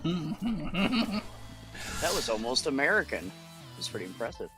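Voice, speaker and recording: Panelist, quick teasing one-liners, lively pitch. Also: over music. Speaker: quiz guest. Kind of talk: casual group chat.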